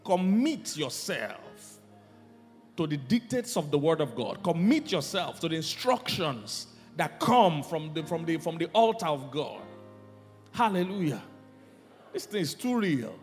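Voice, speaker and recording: A pastor preaching in a large church, his voice sitting a little high and rising and falling with lively sweeps. He drives his points with sudden loud decrees, then drops to near-hushed lines. Long reverb hangs in the hall, and faint music plays underneath. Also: moderate pace. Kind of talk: sermon.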